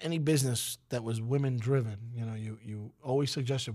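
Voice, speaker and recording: A man with a raspy voice hosting a morning radio show, rambling and joking with his co-hosts. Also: a little fast, hardly any pauses, a little mellow. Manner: jokey, rambling, sometimes drops to a low corporate voice. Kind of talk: casual morning show banter.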